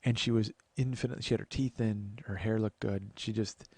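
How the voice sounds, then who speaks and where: A man's voice: fairly low pitch, fairly even intonation, moderate pace, gravelly, a little mellow, breathy edge, dry recording. A man in his forties telling stories in a casual podcast monologue. He chats freely, swears offhandedly and acts out the people he quotes. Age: 40s. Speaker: podcast host.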